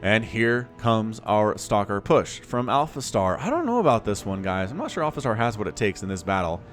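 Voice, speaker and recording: A man giving lively solo play-by-play commentary on a strategy game match, quick and playful, with laughs and sound effects. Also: on the low side, soft background music. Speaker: game caster.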